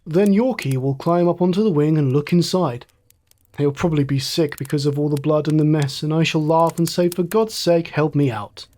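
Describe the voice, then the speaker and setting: A man's voice: fairly high pitch, normal speed, mellow, natural voice. A man voicing a dazed, cheerful wounded fighter pilot. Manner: light, musing inner monologue.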